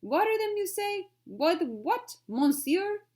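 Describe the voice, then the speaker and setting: Woman reading as a frantic Frenchman with a put-on French accent, wailing loud and high. Storybook voice. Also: moderate pace, close to an everyday voice. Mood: despairing. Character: excitable French immigrant man, despairing.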